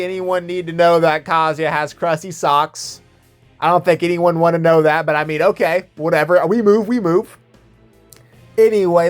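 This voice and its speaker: A man giving a casual, foul-mouthed manga chapter review, laid-back and full of fillers. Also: a little high. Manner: laid-back, swears often, filler-heavy. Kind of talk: casual profane commentary.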